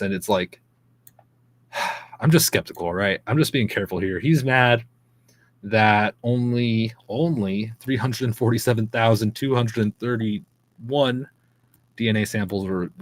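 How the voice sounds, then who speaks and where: A man with a fairly low voice hosts a daily news show. He reads articles aloud and breaks into chatty, skeptical asides, sometimes tripping over unfamiliar names. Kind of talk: casual news commentary, reading articles aloud.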